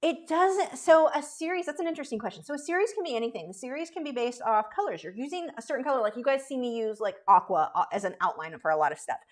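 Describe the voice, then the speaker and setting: A woman's voice: on the high side, animated, fast talker, hardly any pauses. A woman art instructor chatting casually on a live painting stream, reading out and answering viewer questions in a rambling way.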